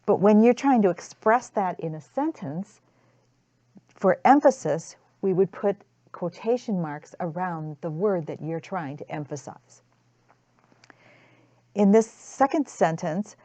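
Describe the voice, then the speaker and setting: Slow, careful woman tutor. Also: on the low side, animated, mellow, no room sound. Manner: slow, careful, with repeated restarts. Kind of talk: grammar lesson narration. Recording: dull lo-fi dry recording.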